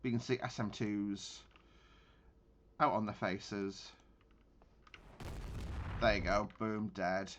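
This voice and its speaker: A man's voice: on the low side, fairly even intonation, slow pace, pauses often, lo-fi sound, slight background noise. A man giving casual gameplay commentary on a naval battle game, thinking aloud with frequent restarts. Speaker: gaming channel host.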